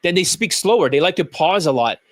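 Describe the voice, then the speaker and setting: A high-pitched man rants as a dating coach, swearing freely and mocking others. His voice is recorded dry and close, with no room around it. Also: expressive, fairly quick, no echo. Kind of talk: ranting video commentary.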